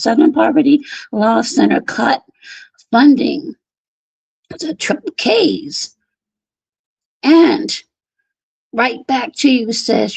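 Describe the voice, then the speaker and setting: Slow, gravelly woman hosting a livestream. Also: on the high side, darkish tone, no room sound, low-quality recording. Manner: laughs often while reading comments aloud. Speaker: livestream host. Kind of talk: casual livestream chat, reading viewer comments.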